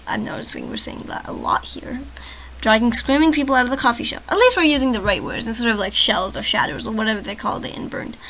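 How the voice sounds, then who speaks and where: A woman reading a text adventure game aloud for her channel, her voice a little high and very bright and forceful. She stumbles over words, restarts and keeps stepping out of the story to joke about it. She is short on sleep. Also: poor audio. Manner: trips over words and restarts, breaks off into joking comments. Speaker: gaming channel host.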